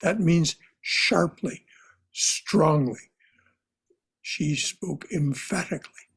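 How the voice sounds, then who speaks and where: Slow, husky-voiced male spiritual teacher. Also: fairly high pitch. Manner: repeats phrases, soft and contemplative. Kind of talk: slow reflective class teaching.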